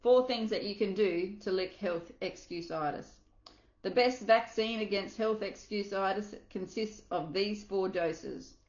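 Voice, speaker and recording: A woman's voice: mid-range voice, a little slow, echoey room, dull audio. A woman coach reading a self-help book aloud, earnest, with small slips and asides.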